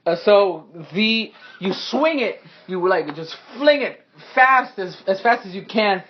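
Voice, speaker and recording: A man's voice: high-pitched, animated, measured pace, muffled recording, a little hiss or hum. A man narrating as game master, improvising loosely with laughs and swearing. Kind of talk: narrating a tabletop game with friends.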